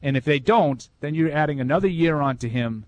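A man's voice: a little high, a little fast. A man with a Boston accent, co-hosting a sports talk radio show and giving opinions in casual chat. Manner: opinionated, thinks aloud with restarts.

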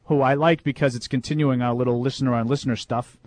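A man's voice: medium pitch, fairly even intonation, fast, a little mellow, dry recording. A man co-hosting a sports talk show, chatting casually and reading listener emails aloud. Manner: conversational, reads emails aloud with amusement. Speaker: sports radio co-host.

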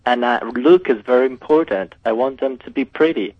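A man's voice: medium pitch, moderate pace. A man from southern Italy with an Italian accent touched by British English, calling into a radio show in chatty, slightly broken English. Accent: Italian with some British. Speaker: caller. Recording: dull lo-fi phone line.

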